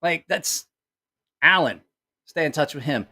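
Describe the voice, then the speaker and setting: A middle-aged man tells a story in a loose, casual way, and his pitch swings widely up and down. He swears freely, acts out the people in the story and keeps correcting himself as he goes. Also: a little slow. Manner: profane, animated, acts out quoted voices; rambling with self-corrections. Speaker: channel host.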